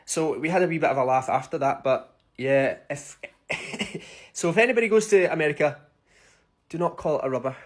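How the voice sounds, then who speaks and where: A Scottish man with a husky, slightly breathy voice that sits a little high for a man. He tells cheeky storytime anecdotes in a lively, unfiltered way and swears freely as he goes. The talk is a casual vlog straight to the camera. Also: moderate pace. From Scotland. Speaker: vlogger telling stories.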